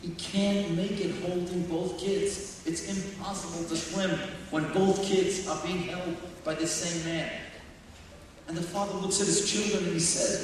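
A man giving a sermon as a guest speaker, talking emphatically and building up to shouts. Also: high-pitched, flat delivery, measured pace, slight background noise. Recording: distant echoey hall.

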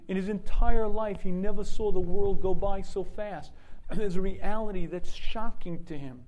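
A man giving a religious lesson through vivid storytelling, often clearing his throat. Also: sits high, moderate pace, mellow, rough recording. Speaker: teacher.

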